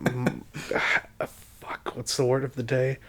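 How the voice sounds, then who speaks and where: A man's voice: mid-range voice, completely flat delivery, slow pace, crowd noise. A man co-hosting a casual podcast, talking reflectively and hesitantly with many restarts. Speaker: podcast co-host. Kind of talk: casual chat.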